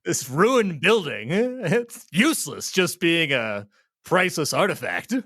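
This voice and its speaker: A man's voice: on the high side, very animated, slow pace, sharp tone, no echo. Male co-host, joking and sarcastic, dry close-miked sound. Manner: joking, laughs a lot, sarcastic. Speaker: podcast co-host. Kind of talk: casual recap chat.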